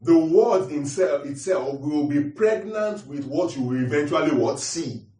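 Fairly high-pitched and warm, this man's voice is expressive and a little slow. He delivers a teaching sermon, going back over his points and questioning the congregation, captured on a distant mic with roomy echo.

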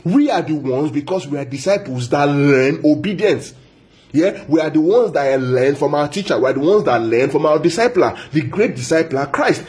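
A man's voice: a little high, animated, moderate pace, a little mellow. Repetitive, emphatic man preaching. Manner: repeats phrases for emphasis, asks the congregation questions. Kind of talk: sermon.

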